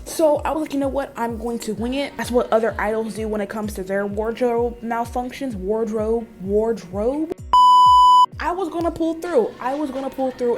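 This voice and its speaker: A young woman telling viewers about her week in a casual, animated vlog, with playful asides and questions to the audience. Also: a little high. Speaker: vlogger.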